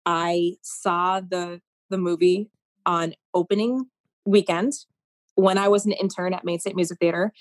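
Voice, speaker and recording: A woman in her thirties from Maine, a Broadway performer talking in a casual interview, telling stories in an effusive, animated way. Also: on the low side, a little slow. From Maine, USA. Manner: effusive, animated storytelling with lots of "like".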